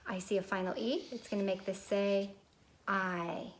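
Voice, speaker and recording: A woman's voice: mid-range voice, steady tone, a little fast, a little mellow, a little hiss or hum. A woman teaching a recorded phonics lesson to young children, patient and prompting them to repeat words.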